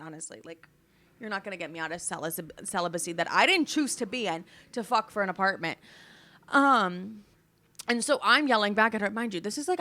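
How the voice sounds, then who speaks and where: A woman in her twenties hosting a podcast, casually telling candid stories with frequent swearing and animated retellings. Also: medium pitch, no room sound. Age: 20s. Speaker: podcast host. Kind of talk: casual storytelling chat.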